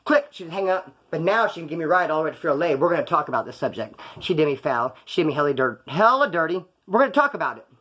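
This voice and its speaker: Fast-talking man spinning wild stories. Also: fairly high pitch. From California. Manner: animated, slangy, acts out quoted voices. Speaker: storyteller recounting his past. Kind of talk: casual profane storytelling.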